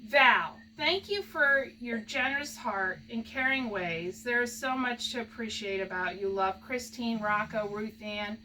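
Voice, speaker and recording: Gushing high-voiced woman. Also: a little slow, few pauses, pushed and bright, recorded from a distance, slight background noise, rough recording. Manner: gushing, laughs often, talks to her pig in baby talk. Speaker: pet owner opening gifts from fans. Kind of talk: casual home video chat.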